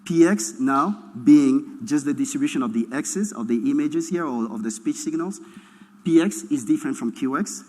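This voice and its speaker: A man delivers an academic keynote in a large hall, his voice trailing a long reverb. He explains step by step and keeps repeating himself until everything is clear, dotting his speech with "uh" and "right?". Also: a little high, expressive, a little mellow. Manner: explains slowly, repeats points, frequent uh and right?. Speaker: keynote speaker. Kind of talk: academic lecture.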